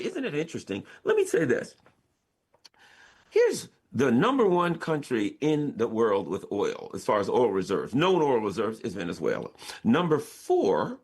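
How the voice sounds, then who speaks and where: A middle-aged American man delivers opinionated radio commentary in a slightly high, husky voice. His pitch swings widely as he leans on rhetorical questions with emphatic sarcasm. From United States. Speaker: political commentator.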